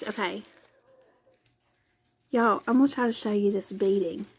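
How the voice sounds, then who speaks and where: A woman with a mid-range, slightly breathy voice chats casually in a craft vlog. She takes her time, pausing often, and gushes and exclaims frequently.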